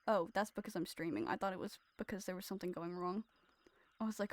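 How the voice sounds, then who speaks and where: A woman's voice: on the low side, steady tone, fast, no echo. A woman streaming a game, chatting casually in a giggly, self-deprecating, rambling way into her streaming mic. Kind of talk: casual livestream commentary.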